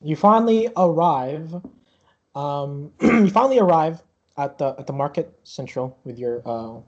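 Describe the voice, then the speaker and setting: A man's voice: a little high, lively intonation, a little slow, lo-fi sound. A young man narrating as game master, rambling with many fillers and restarts.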